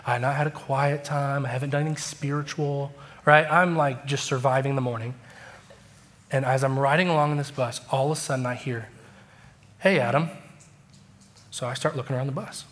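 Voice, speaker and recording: A man preaching a sermon, telling stories and acting out quoted dialogue with lively emotion. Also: medium pitch, a little fast. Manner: animated, acts out quoted dialogue. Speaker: pastor. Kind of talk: sermon storytelling.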